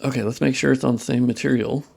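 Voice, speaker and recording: A man's voice: medium pitch, fairly even intonation, quick pace, vocal fry, darkish tone, husky. A young man chatting casually on a live stream while he works, muttering and swearing at his tools and joking with viewers. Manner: profane, self-deprecating muttering to chat. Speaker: modding streamer.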